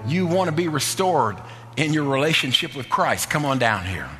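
A male preacher with a bright, ringing voice drives his points home in repeated, shouted refrains. His words hang in the long reverb of a church sanctuary. Soft music sits underneath. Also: fairly high pitch, sing-song, moderate pace. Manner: emphatic, repetitive preaching cadence, often shouting. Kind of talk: sermon and altar call.

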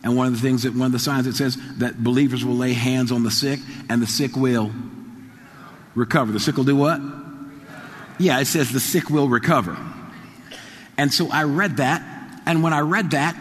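A man's voice: mid-range voice, moderate pace, long pauses. Stammering male pastor in reverberant church. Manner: repeats phrases, stammers, builds to excited shouting. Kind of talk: sermon with storytelling.

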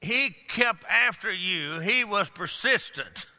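An older man preaching a sermon, swinging between loud outbursts and low hushed lines. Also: expressive, slow. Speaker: pastor. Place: large church hall. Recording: long hall reverb.

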